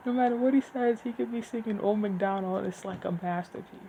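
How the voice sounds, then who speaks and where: Woman, podcast host, casual chat, deliberate enunciation, mid-pitched, light faint hiss. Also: warm tone, rough recording. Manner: slow, deliberate enunciation with rambling asides. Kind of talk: reading her own fiction, then casual chat.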